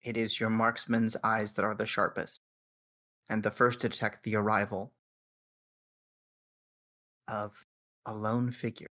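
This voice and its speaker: A game master narrates a tabletop role-playing game, describing each scene in a measured way. The voice sits at a middling pitch and sounds unhurried. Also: flat delivery, fairly bright tone.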